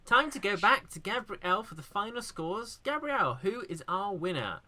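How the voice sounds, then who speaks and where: A man's voice: sits high, very animated, moderate pace, music in the background. A man hosting a podcast quiz, calling answers correct and teasing in a dry, mock-dramatic way. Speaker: quiz host.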